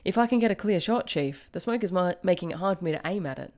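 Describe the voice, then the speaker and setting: Brief: a woman reading as a steady male gunner who keeps his replies short. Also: fairly low pitch, fast, close to an everyday voice. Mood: strained. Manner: clipped replies to his chief.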